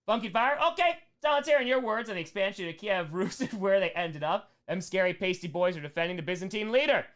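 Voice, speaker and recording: A young man with a hoarse voice, reading chat questions on a casual live-stream Q&A, jokey and fond of repeating short phrases. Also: high voice, lively intonation, fairly quick, a bit bright.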